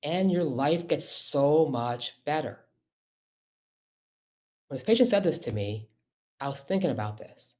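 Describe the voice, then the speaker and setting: A man's voice: on the high side, expressive, unhurried, long pauses, warm tone. Middle-aged guy doc on a webinar, chatty and emphatic, keeps asking "right?", computer mic. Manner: conversational, emphatic, repeating rhetorical questions. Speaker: physician giving a webinar. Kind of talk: webinar talk.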